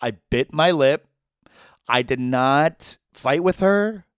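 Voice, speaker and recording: Male podcast co-host, comic storyteller, very expressive pitch, dry booth sound. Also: takes it slowly, clear, resonant tone, no echo. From United States. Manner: animated storytelling, swears, mimics his mother. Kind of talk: casual comedic chat.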